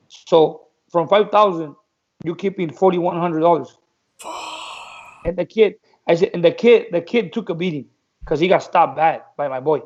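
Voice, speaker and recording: Male guest, high-pitched, animated storyteller; lo-fi, muffled recording. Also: a little fast. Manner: animated storyteller acting out dialogue. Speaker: guest telling boxing stories. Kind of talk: casual storytelling.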